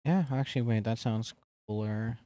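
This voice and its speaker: A man's voice: medium pitch, moderate pace, mellow, dry recording. Man, streamer, casual chat, rambling fillers, giggly, dry close mic.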